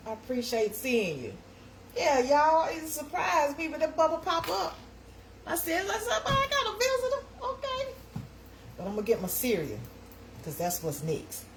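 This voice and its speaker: A woman's voice: high-pitched, big pitch swings, a little slow, a little hiss or hum, low-quality recording. A woman hosting a casual live-stream chat from her kitchen, folksy and chatty, talking straight to her viewers.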